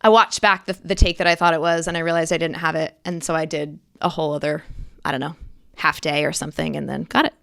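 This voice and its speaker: A middle-aged woman, an actress, chatting as an interview guest and telling animated stories with lively quoted bursts. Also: low-pitched, fast, creaky, dry recording, clean studio sound. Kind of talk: casual interview chat.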